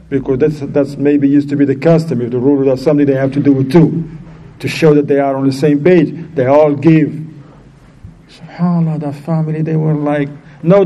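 Animated man telling a moral story. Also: low-quality recording. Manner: animated storyteller, acts out quoted voices in a raised pitch. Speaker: Islamic teacher. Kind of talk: storytelling lesson.

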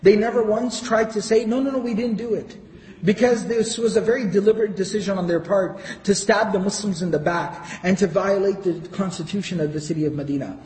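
A man's voice: sits high, brisk, hardly any pauses, a little mellow. A man giving a storytelling lecture, retelling history and quoting passages in Arabic before translating them. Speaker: Islamic lecturer. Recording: echoey hall.

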